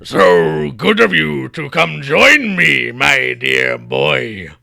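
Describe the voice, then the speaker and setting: A man's voice: medium pitch, wildly swooping pitch, gravelly, bright, forceful tone, full character voice. A man doing a grandiose, smug undead wizard. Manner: slow, drawn-out, grandiose. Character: theatrical undead male wizard villain, smug.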